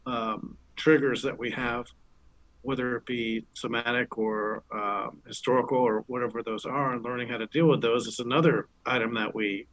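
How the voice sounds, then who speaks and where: A man with an ordinary mid-range voice leads a casual podcast discussion. He speaks in a measured, thoughtful way and brings the talk back on track. The recording is dry and close. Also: mid-range voice, a bit bright, dry recording, low-quality recording. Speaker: podcast co-host.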